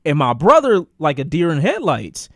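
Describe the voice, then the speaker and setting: Male streamer, animated profane storyteller, high and swinging pitch, dry booth-like sound. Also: moderate pace, creaky, no room sound. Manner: repeats phrases for emphasis. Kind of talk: casual storytime on a live stream.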